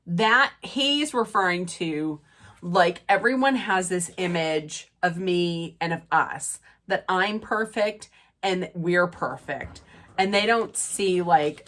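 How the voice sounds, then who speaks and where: A woman with a slightly low voice talks through a reality TV episode in a loose, rambling recap, full of fillers and restarts. Her nose is stuffed up, so she sounds nasal and congested as she chats. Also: a bit bright. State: stuffy, draining sinuses. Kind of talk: casual recap and rant.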